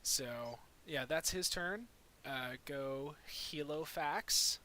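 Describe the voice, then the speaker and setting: A man's voice: a little high, extremely slow, a crowd in the background. A young man running a tabletop game as dungeon master, narrating in a laid-back way with many fillers.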